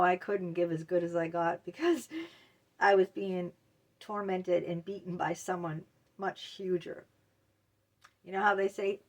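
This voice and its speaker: Speaking to camera in a mental health video, a middle-aged woman talks candidly and emotionally about personal matters. Her voice is mid-range, and she pauses often with filler words.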